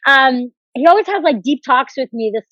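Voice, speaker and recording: A woman, a professional fighter guest in a casual podcast interview, rambling in fast, animated, profane rants. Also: sits high, dry recording. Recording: slightly dull, dry recording.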